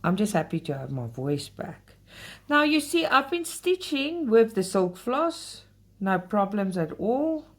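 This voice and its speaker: A woman's voice: mid-range voice, big pitch swings, a little slow. A woman hosting a casual craft vlog, talking straight to her viewers and getting heated when she complains. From South Africa. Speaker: cross-stitch channel host.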